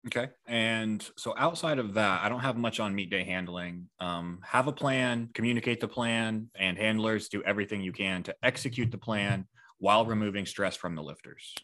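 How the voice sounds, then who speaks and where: Relaxed male host with a low, forceful voice who keeps the chat moving. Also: moderate pace. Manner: relaxed, filler-heavy, runs the topics. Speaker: podcast host. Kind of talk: casual podcast chat.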